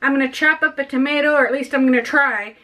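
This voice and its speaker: A woman's voice: high-pitched, fast, noisy background. A woman vlogger chatting casually to camera at home, self-deprecating and laughing often.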